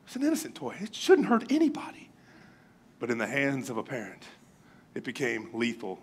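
Pastor guy, kinda high voice, jokey animated sermon storytelling. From Florida. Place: church.

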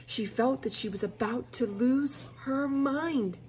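A woman reading a children's book aloud expressively, pausing to explain the story to listeners. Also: sits high, a little mellow. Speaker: reader.

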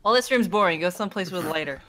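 Woman on a game stream w friends, wry teasing jokes, mid pitch, faint hiss behind her. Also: lively intonation, racing. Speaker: stream co-host. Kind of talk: casual let's-play banter.

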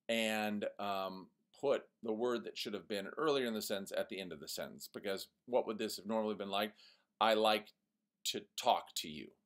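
A man teaching a poetry lesson to young students, animated and mock-ironic, reading example lines in a sing-song voice. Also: fairly low pitch.

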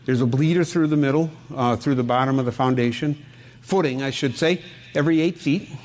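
A man's voice: mid-range voice, brisk, darkish tone. Brief: middle-aged man, home inspector presenting a seminar, folksy storyteller, asks the room questions. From Wisconsin. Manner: folksy, asks the audience questions, tells anecdotes. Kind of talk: conversational seminar talk.

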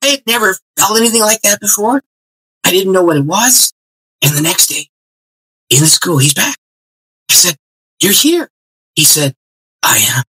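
A man's voice: high-pitched, normal speed, long pauses, husky, poor audio. A man guest on an interview show, telling a personal story and acting out the dialogue. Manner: lively, expressive storyteller who acts out dialogue. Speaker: guest pastor.

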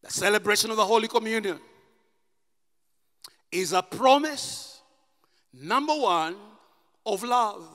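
High-voiced man preaching slowly with passion. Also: in a large hall. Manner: impassioned preaching, rising to shouts. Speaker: pastor. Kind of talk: sermon. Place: church.

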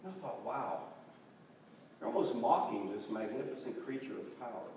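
A man's voice: mid-range voice, normal speed. Man preaching in an echoey church. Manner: animated storytelling, acting out quoted voices. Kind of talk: sermon. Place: church sanctuary. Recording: distant, very echoey church recording with faint noise.

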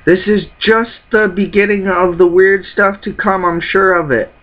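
A man's voice: high-pitched, fairly even intonation, normal speed, pitched above the performer's own voice, close to an everyday voice. A man reading a wary young woman's lines in a raised voice, on a dull lo-fi recording. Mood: uneasy.

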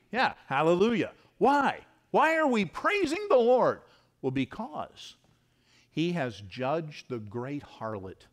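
A male pastor preaching an expository sermon, reading scripture aloud and acting out quoted voices. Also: a little high. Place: church sanctuary.

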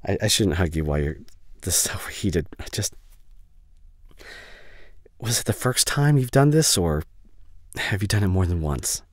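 A man voicing a caring young male best friend in a whispered role-play, speaking softly and haltingly with emotional reassurance. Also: sits low, expressive, no echo, clean studio sound. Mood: gentle. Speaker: ASMR voice actor. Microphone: studio condenser mic.

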